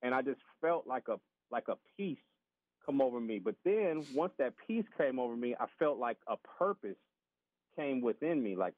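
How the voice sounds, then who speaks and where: A man telling a casual, animated story as a podcast guest, acting out the voices of other people and often repeating his words. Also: medium pitch, moderate pace, no room sound. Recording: tinny phone-line sound.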